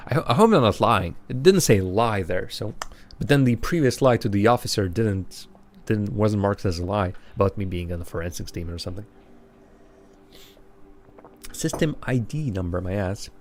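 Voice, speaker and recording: A man's voice: fairly low pitch, fairly quick. A young man streaming a game live, reading its text aloud in a rambling, chuckly way full of fillers.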